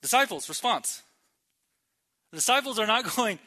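A man from New Mexico preaching a sermon, telling a story with acted-out voices and swinging between loud and hushed delivery. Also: on the high side, animated, moderate pace, pauses often. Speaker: pastor.

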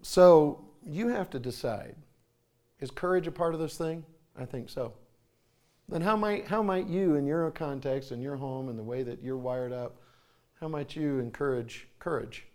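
A male preacher delivers his sermon through stories, his voice sitting a little high for a man. He pauses now and then to clear his throat and keeps a conversational storytelling flow. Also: a little mellow.

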